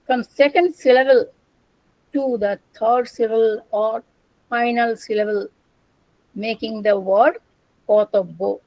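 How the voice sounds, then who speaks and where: An older woman giving an academic lecture on ancient language, slow and deliberate, repeating words as she explains. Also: on the high side, a little mellow, no echo, poor audio. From India. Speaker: lecturer on Sanskrit and Prakrit.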